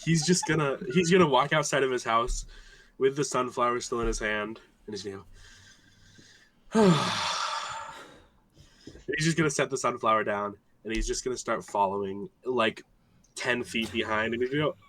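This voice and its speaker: A man playing in a tabletop game, describing his character's actions in a relaxed, amused, rambling way. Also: mid-range voice, moderate pace, long pauses, crowd noise. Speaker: player.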